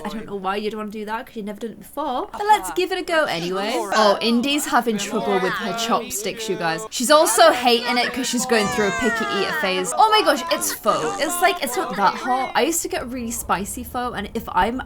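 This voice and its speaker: Woman, twenties, gameplay commentary, bubbly and chatty, a bit stuffy, fairly high voice, very lively pitch. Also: moderate pace, a crowd in the background. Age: 20s. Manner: bubbly, exclamatory, chatty with viewers. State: congested and sneezy. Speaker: gaming YouTuber.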